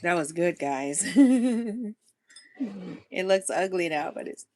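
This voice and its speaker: A woman's voice: fairly low pitch, lively intonation, slow, darkish tone, no echo. A woman hosting a casual live-stream chat for her food channel, rambling and laughing often as she talks straight to her viewers while sipping coffee.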